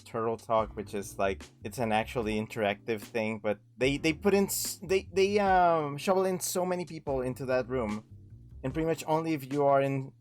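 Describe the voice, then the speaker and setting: Casual male streamer guest, mid-pitched, rambling and filler-heavy, faint music behind. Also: fairly even intonation, normal speed. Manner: rambling, many fillers and restarts. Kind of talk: casual chat.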